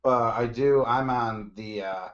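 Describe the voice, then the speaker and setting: A man's voice: medium pitch, measured pace. A man co-hosting a podcast in casual chat, telling jokes and stories with casual swearing. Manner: jokey storyteller, swears casually. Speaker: podcast co-host. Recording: dull lo-fi sound.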